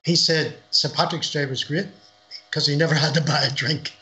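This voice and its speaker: A man's voice: a little high, fairly even intonation, moderate pace, sharp tone, rough recording. A middle-aged man from Northern Ireland, an author chatting in an interview over a livestream call, rambling and repeating words as he tells stories. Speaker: author guest. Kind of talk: casual interview chat. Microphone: livestream video call.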